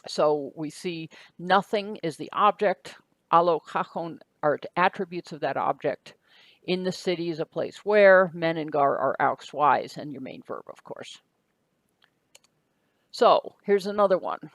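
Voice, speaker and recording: A woman's voice: low-pitched, measured pace, no echo. Woman teaching with a dry close sound. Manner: patient, methodical, talks through each word step by step. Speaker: Greek teacher. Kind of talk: recorded lecture.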